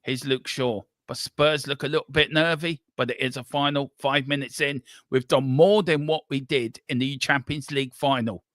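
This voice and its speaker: Host, male, bright and dry-toned, excitable live match caller. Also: medium pitch, normal speed, hardly any pauses, dry recording. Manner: excitable, running commentary with banter. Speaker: watchalong host. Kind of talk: live football play-by-play.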